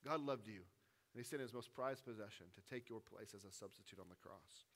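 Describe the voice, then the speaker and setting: A man, a pastor, preaching a sermon, with a delivery that swings from hushed, intimate lines to loud, rising appeals. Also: lowish voice, a little fast.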